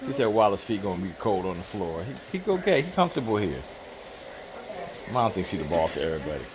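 Deep-voiced and very animated, a man with a Jamaican accent talks fast while hosting a cooking livestream from his home kitchen, reading comments and greeting viewers by name with playful banter. The rough recording sits over a noisy crowd.

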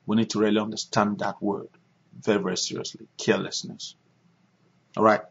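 A man's voice: lowish voice, flat delivery, a little fast, vocal fry, a little hiss or hum. A man preaching and praying as a pastor on a conference call, stressing his points by repeating phrases. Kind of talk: sermon and prayer on a conference call. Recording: dull lo-fi conference call recording.

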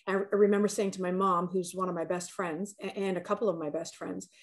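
A woman's voice: lowish voice, little pitch movement, brisk. A woman coach talking as a podcast guest, telling personal stories in an earnest, candid way and often repeating words as she thinks aloud. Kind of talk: candid conversational storytelling.

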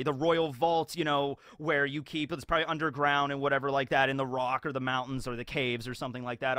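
A man giving casual commentary as a YouTuber, rambling and animated, with lots of filler words. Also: a little high, dry recording, studio quality.

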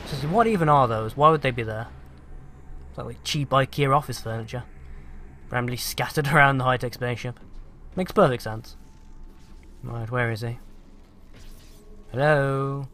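A man's voice: mid-range voice, normal speed, pauses often, fairly bright tone, slight background noise. A British man giving sarcastic, profane let's play commentary and taunting the enemies on screen.

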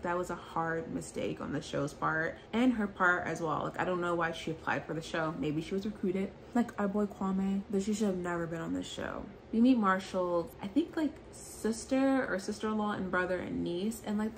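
Chatty young woman with a low voice. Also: vocal fry, a little hiss or hum. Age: young adult. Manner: chatty, animated quoting with frequent "like". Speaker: reality TV recap vlogger. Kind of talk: casual recap commentary. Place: apartment in New York.

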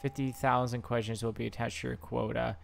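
A man's voice: medium pitch, flat delivery, a little fast, gravelly, a little hiss or hum. A young man playing a video game, reading the on-screen questions aloud and reacting with exclamations. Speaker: gaming YouTuber. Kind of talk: let's play commentary.

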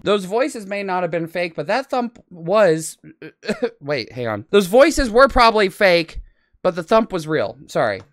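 A man's voice: high-pitched, big pitch swings, measured pace, dry recording, clean studio sound. A man hosting a reaction video, commenting on clips in an irritated, ranting way.

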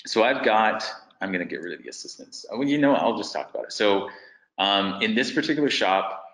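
Low, bright-toned man hosting a webinar, in a roomy echo. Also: expressive, brisk. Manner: thinks aloud while working through figures on screen. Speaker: webinar presenter. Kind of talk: business webinar walkthrough.

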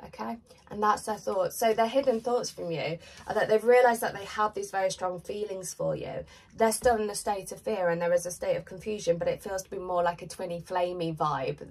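A woman's voice: fairly low pitch, a little mellow, distant mic, rough recording. A woman giving a chatty, rambling pick-a-card tarot reading while congested with a cold. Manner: chatty, rambling, filler-heavy. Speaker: tarot reader.

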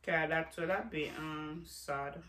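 A woman's voice: sits low, a little slow, fairly bright tone, a little hiss or hum. A woman with a Jamaican accent chatting casually to her vlog camera in a loose, rambling patois-laced way. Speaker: vlogger.

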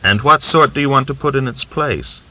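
A man's voice: medium pitch, normal speed, voice pushed up, lightly acted. A man reading aloud, voicing a weary, half-starved Cossack soldier who answers tersely and guardedly, on a dull lo-fi recording.

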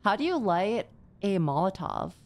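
A woman streamer chatting playfully and excitably while commenting on her gameplay. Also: medium pitch, normal speed.

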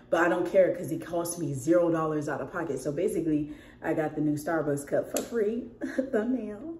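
A woman's voice: low voice, dark tone, a little hiss or hum. A young woman vlogging at home while sick and losing her voice, chatting and laughing with her viewers. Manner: chatty, laughs often, talks straight to viewers. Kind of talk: casual chat to camera. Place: at home indoors.

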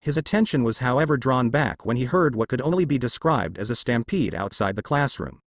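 A man's voice: mid-range voice, animated, brisk, no room sound, studio quality. Man narrating a fan fiction story. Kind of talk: fanfiction audiobook narration.

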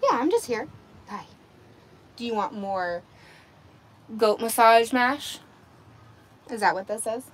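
A woman's voice: a little high, lively intonation, takes it slowly, pauses often, slight background noise. A woman hosting a casual livestream outdoors among her goats, talking into a phone on a selfie stick, cooing baby talk to the animals and laughing often. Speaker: livestream host on a goat farm.

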